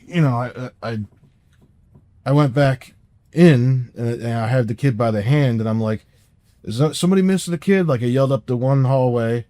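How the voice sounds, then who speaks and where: A man's voice: mid-range voice, steady tone, normal speed, warm tone, dry recording. A man co-hosting a podcast, telling a personal story in a casual, rambling way with frequent restarts and swearing. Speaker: podcast co-host.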